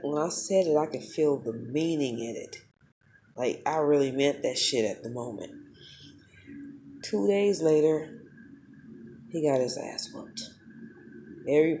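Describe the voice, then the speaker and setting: A woman, telling a personal story in a casual vlog, blunt and profane, animated as she talks. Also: sits low, a little hiss or hum. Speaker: spiritual vlogger.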